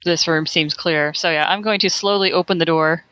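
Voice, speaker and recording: A woman with a bright, sharp-edged voice plainly announces what her character does in a tabletop game. The recording is close and dry. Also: sits low, fairly even intonation, moderate pace, clear, resonant tone, no echo. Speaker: player.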